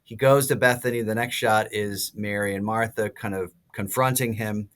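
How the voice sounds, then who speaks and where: Lower-voiced man in his sixties, storytelling. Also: normal speed. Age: 60s. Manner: lively storyteller, many fillers and restarts. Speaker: priest and author, guest. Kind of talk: casual podcast interview.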